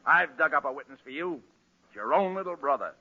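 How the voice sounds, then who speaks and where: A comedy straight man in 1940s radio comedy, bossy and loud. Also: a little high, expressive, brisk. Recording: restored old radio broadcast, muffled.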